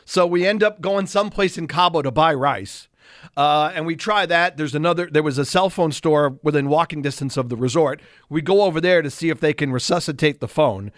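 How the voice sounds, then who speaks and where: A man in his sixties, a radio co-host, telling a self-mocking story in casual, animated chat. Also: fairly high pitch, fairly quick, dry recording, studio quality.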